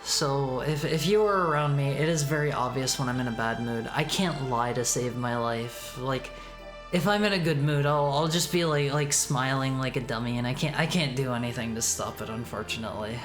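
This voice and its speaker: A woman's voice: a bass voice, moderate pace, music in the background. A woman chatting casually while streaming a retro game, stammering and repeating words, reading text aloud. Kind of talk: casual gaming stream chat.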